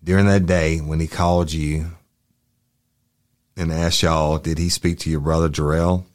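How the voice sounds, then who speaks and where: A deep, quiet police detective, as a man reads his lines, asking a witness questions in a plain, low-key way. Nothing is dramatized. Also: little pitch movement, measured pace. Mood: questioning.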